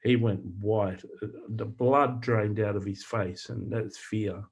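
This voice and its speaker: A man, a Christian author and minister, telling personal testimony stories in an earnest, plain-spoken way, halting often with fillers and repeated words. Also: on the low side, steady tone, slightly rough. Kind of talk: personal testimony storytelling to camera.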